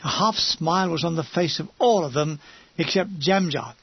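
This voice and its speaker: Gravelly, high-voiced male audiobook narrator. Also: moderate pace, no room sound, dull audio. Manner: wry, descriptive storytelling. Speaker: audiobook reader. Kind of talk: audiobook narration of a comic war memoir.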